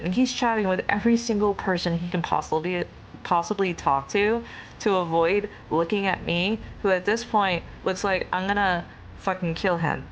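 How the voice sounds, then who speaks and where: A young woman tells a story on stream in a loose, animated ramble, full of fillers and the odd curse. Her voice sits in a middling pitch. A faint hiss runs under the recording. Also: measured pace. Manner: animated, lots of "like" fillers, swearing and laughing. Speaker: VTuber streamer.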